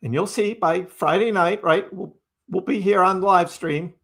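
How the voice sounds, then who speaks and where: This man's high, husky voice is a bit bright and comes out a little slowly. He runs a laid-back crypto livestream, chatting and repeating himself, dropping "right?" onto his lines and replying to chat commenters.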